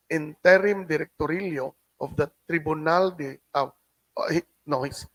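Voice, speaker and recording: A middle-aged man with a Cebuano accent, giving a halting lecture as a guest speaker and often adding a questioning "no?". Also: fairly high pitch, dry recording, rough recording. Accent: Filipino, Cebuano. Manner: halting, with frequent restarts and tag "no?". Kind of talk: lecture reading a translated document. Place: hotel function room.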